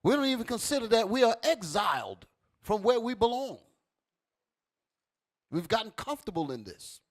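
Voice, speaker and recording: A man's voice: big pitch swings, normal speed. A man preaching a fiery sermon, commanding a reader to read verses and then expounding them. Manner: swings from low and quiet to loud and high. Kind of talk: street sermon with scripture reading.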